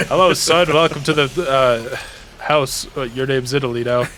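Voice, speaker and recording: Casual commentary co-host, unhurried, jokey, profane. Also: male voice, medium pitch, fairly even intonation, bright, forceful tone, slight background noise. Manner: joking, profane banter.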